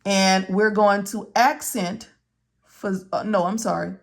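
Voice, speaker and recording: In this step-by-step tutorial, a woman walks through medical coding, repeating key terms and posing questions she then answers herself. Her medium-pitched voice moves slowly with fairly even intonation.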